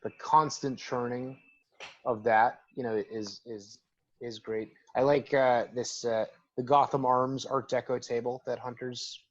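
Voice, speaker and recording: A man's voice: medium pitch, little pitch movement, unhurried. A man chats about a comic, eagerly calling out the details he enjoys. His audio sounds slightly dull and muffled. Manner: enthusiastic, points out details he likes. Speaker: podcast guest. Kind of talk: casual comic book discussion.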